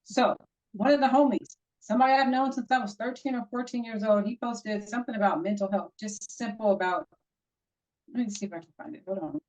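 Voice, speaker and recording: A woman's voice: a little high, fairly quick, a little mellow. A woman co-hosting a casual podcast, telling a story in a heated, emphatic way. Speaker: podcast co-host. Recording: dull lo-fi audio.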